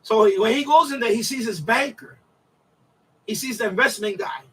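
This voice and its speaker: A man with a high, sharp voice chats loosely on a livestream, swearing often and circling back over his words. His tone is a bit husky, and he sounds set back from the mic. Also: normal speed, distant mic, rough recording. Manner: rambling, profane storytelling with repeats and restarts. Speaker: livestream host. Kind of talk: casual livestream chat.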